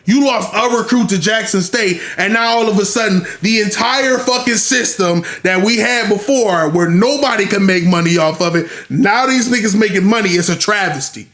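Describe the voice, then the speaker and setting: Podcast host, male, very high voice, exasperated profane rant in an echoey room. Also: normal speed, hardly any pauses, a bit bright. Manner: profane, exasperated, rhetorical questions. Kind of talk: casual ranting commentary.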